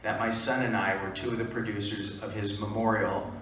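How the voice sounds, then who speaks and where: A man speaking at a fan event, telling an animated, punchy anecdote to a crowd. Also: fairly low pitch, fairly quick, background noise. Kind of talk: storytelling talk. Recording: echoey hall from far off.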